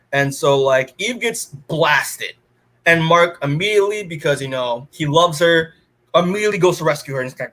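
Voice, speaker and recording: A man's voice: a little high, fairly quick, fairly bright tone. Rambling man recapping a comic. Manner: rambling recap full of "like" and restarts, quoting characters in his own voice. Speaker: podcast co-host. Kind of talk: casual comic-book review chat.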